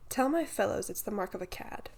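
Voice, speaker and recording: A woman voicing a hearty, boastful middle-aged schoolmaster who talks in clipped slang, in a gravelly voice. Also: medium pitch, animated, fairly quick. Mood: blustering.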